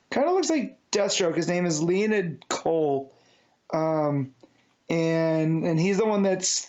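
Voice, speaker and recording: A man's voice: fairly high pitch, darkish tone. A man co-hosting a podcast, summing up comics in a casual, rambling chat full of fillers and restarts. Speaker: podcast co-host. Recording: dull lo-fi sound.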